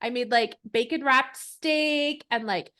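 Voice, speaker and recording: A woman's voice: fairly high pitch, unhurried, pushed and bright. A woman co-hosting a podcast, telling stories in casual chat. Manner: chatty storyteller, laughs while telling stories. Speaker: podcast co-host.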